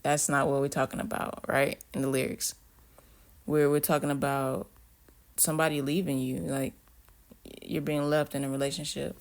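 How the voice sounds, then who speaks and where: Casual male artist commentary, gravel in the voice, loose and reflective, talking about his own songs. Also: medium pitch, flat delivery, moderate pace. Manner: rambling, reflective, many fillers and restarts. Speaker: artist discussing his album.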